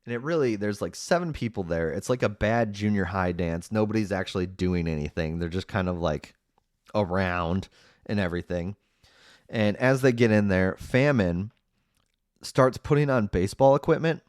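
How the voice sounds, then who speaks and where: Man, podcast host, low voice, dry close sound, rambling casual recap, lots of fillers, sarcastic asides. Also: moderate pace, darkish tone, no echo.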